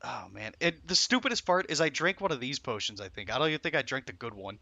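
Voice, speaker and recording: A man's voice: medium pitch, very animated, fast talker, creaky, pushed and bright, dry recording, dull audio. A young man streaming a game, swearing often and swinging between frustration and laughter. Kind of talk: live gameplay commentary.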